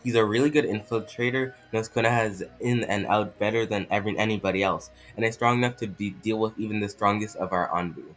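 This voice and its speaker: A man reading as a blunt young female ninja, in his own low voice with a slight French accent. He trips over words now and then, and faint music plays behind him. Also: fairly even intonation, fairly bright tone, close to an everyday voice, poor audio. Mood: urgent. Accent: put-on French accent. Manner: stumbling, halting reading with restarts.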